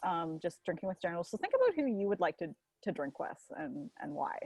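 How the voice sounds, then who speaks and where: Female co-host, relaxed and chatty, lowish voice. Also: quick pace, no echo. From Canada. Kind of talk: casual chat.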